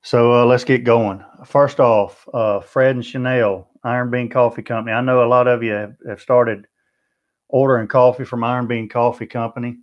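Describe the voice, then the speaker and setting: Here a BBQ channel host with a Southern American accent works through viewer comments one by one in friendly livestream chat. He speaks in a mid-range voice at normal speed with fairly even intonation, captured on lo-fi audio.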